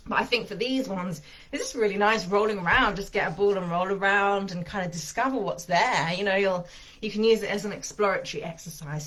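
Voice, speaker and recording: Breathy, chatty woman teaching massage. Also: medium pitch, a bit bright. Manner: chatty, enthusiastic, thinking aloud with fillers. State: slightly out of breath. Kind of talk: casual demonstration lesson.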